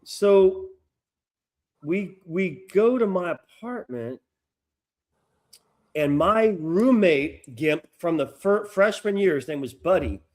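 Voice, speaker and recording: A man's voice: high voice, lively intonation, takes it slowly, long pauses, darkish tone. A middle-aged man co-hosting a podcast, telling a long, profane story in casual chat. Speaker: podcast co-host.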